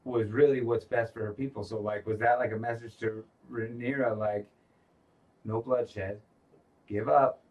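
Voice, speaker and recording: A man's voice: medium pitch, flat delivery, fairly quick, hardly any pauses, a little mellow, distant mic, highs cut off. A man co-hosting a casual recap podcast, cursing freely as he retells scenes and quotes the characters. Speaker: podcast co-host.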